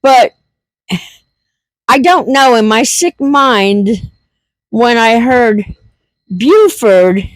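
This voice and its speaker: A woman's voice: fairly high pitch, lively intonation, extremely slow, pauses often, no echo. A middle-aged woman telling a funny story in a casual vlog, laughing through it and repeating herself. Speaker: homestead vlogger.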